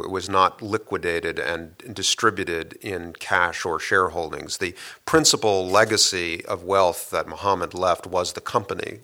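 A man interviewed as a guest, giving long, measured story-like answers with frequent hesitations and restarts. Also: deep voice, bright, forceful tone.

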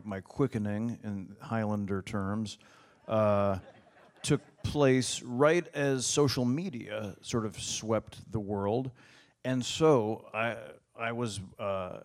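Man, low pitch, casual chat, halting, dry humor. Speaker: guest. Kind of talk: casual conversation.

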